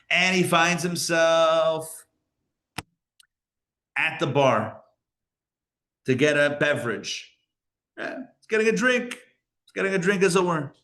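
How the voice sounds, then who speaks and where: A man, a rabbi, telling a story in a casual live class, chatty and acting out the characters' lines with lively jumps in his voice. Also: medium pitch. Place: live class in a community center.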